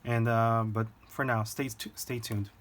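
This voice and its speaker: A man's voice: mid-range voice, flat delivery, a little slow, a little hiss or hum. A man teaching a recorded lecture, talking informally and directly to his students, with light jokes.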